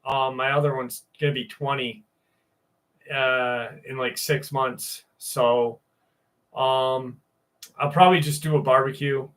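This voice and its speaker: A man's voice: mid-range voice, flat delivery, takes it slowly, a bit bright. A man in his forties hosting a livestream, answering viewers in casual, rambling chat with candid, crude humor. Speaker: livestream host.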